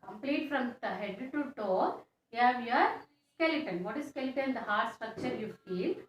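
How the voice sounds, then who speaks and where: Woman teacher, high voice, slow repetitive classroom delivery, echoey room. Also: lively intonation. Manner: slow, repetitive explaining with question tags. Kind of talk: classroom science lesson. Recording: echoey room, faint background noise.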